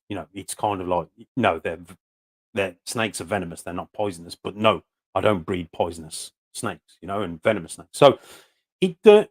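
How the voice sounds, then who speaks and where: Brief: British male live-stream host, lowish voice, chatty and rambling. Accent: British English. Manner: chatty, rambling welcomes with many fillers. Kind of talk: casual live-stream chat.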